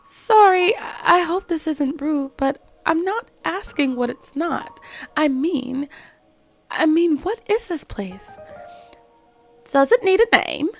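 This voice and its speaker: A woman's voice: high-pitched, sing-song, slow pace, faint music behind, heavily acted. A woman voicing polite, bewildered Alice. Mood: confused. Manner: polite, prim, apologetic.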